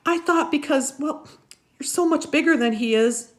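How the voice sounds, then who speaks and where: A woman voicing a fussy, doting older grandmother who frets in a high, fluttery voice. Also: moderate pace, natural voice. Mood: fretful.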